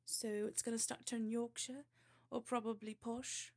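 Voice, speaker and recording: A woman's voice: a little high, little pitch movement, moderate pace. A woman chatting casually and rambling in a self-deprecating way before and after a reading. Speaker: amateur reader. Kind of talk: casual chat.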